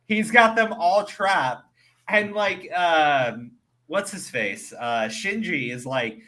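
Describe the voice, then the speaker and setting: Excitable, profane young man streaming. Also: high-pitched, slow pace. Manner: profane, excitable, animated storytelling. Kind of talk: casual chat.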